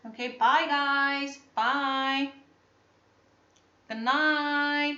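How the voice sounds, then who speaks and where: A woman teaching an online English class in a slow, patient way, repeating each word and asking whether the students follow. Her voice is bright and fairly high. The recording is muffled and echoes around the room. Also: steady tone. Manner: slow, repetitive, checking understanding.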